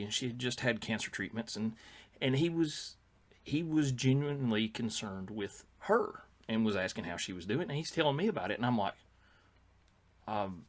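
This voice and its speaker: A man's voice: medium pitch, lively intonation, moderate pace. An older man, telling rambling anecdotes as a podcast co-host, with many fillers and restarts. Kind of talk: casual storytelling chat.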